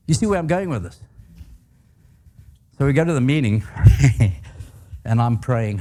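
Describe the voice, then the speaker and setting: An older man giving a talk on leadership, with a lively voice that swoops up and down and sits a little high. He tells anecdotes with humor and keeps asking the audience questions. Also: normal speed, pauses often. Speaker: guest speaker.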